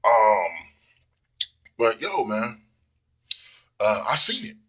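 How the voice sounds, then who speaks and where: A man's voice: on the low side, sing-song, extremely slow, a bit bright, husky. A man giving a blunt, profane casual monologue full of fillers. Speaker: commentator.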